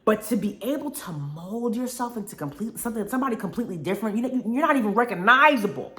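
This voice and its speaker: A young woman hosts a casual live show, her voice swinging up and down with lively expression and quick laughs. She drawls friendly asides like honey and y'all to her viewers. The room around her rings with a noticeable echo. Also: on the high side. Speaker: radio show host. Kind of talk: casual live-stream chat reading viewer comments. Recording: roomy echo.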